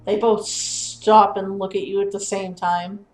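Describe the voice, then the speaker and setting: Slow-talking woman game master. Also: mid-range voice, flat delivery, darkish tone, soft background music. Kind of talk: narrating a tabletop game. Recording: echoey room.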